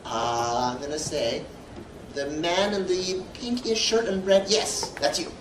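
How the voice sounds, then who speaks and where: A man who voices cartoons chats animatedly with a convention crowd, rambling and full of filler words. His fairly high voice carries from a distance through a big echoey hall. A steady background noise sits underneath. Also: a little slow. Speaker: voice actor guest at a convention panel. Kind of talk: casual Q&A storytelling. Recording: echoey hall from far off with hum.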